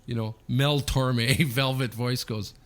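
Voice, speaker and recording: A man in his fifties from Canada, co-hosting a podcast and telling an anecdote in a lively way, often checking in with "okay?". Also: mid-range voice, slow. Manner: animated anecdote teller, frequent "okay?" check-ins. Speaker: podcast co-host. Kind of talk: casual storytelling.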